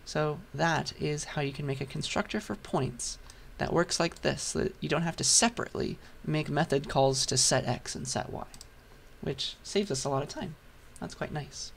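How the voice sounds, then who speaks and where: A man lecturing a programming class, patient and step by step while writing, his voice hoarse. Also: on the high side, moderate pace, a little hiss or hum. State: hoarse, losing voice. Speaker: university lecturer. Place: lecture hall.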